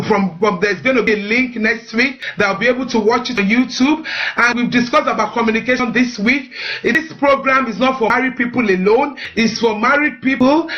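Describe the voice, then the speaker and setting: A woman's voice: fairly high pitch, muffled recording. A woman hosting a live-streamed marriage advice talk. She speaks earnestly, urges her listeners and often repeats words while she finds the next one. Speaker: host of a marriage advice show.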